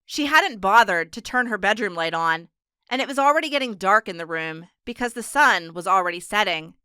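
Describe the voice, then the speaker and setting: A woman narrating an audiobook in a steady, measured storytelling manner. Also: mid-range voice, clean tone, no room sound, clean studio sound. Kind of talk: scripted narration.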